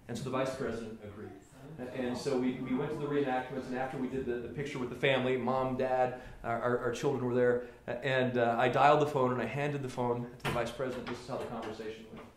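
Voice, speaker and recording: A man, a senator, giving a political speech to a small gathering and telling stories, often restarting and repeating words as he goes. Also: mid-range voice. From Colorado. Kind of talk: political stump speech with anecdotes. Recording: very echoey room with faint ambient noise.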